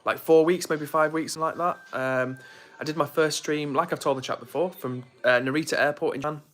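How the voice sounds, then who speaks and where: A man's voice: on the high side, steady tone, brisk, a bit bright, faint music behind. A young man chatting casually on a live stream, reading viewer comments aloud.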